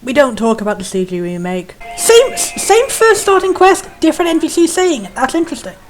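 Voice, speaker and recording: A woman commenting on a game she is playing, chatty and quick, with a high voice. Game music plays clearly underneath her talk. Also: big pitch swings. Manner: chatty, comparing versions, swears casually. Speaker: let's play host.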